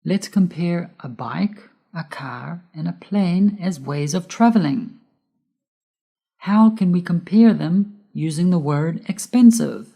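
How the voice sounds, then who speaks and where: A woman giving a scripted English grammar lesson, careful and measured, spelling out letters one by one. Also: on the low side, lively intonation, vocal fry, dark tone, slightly rough. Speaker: English teacher.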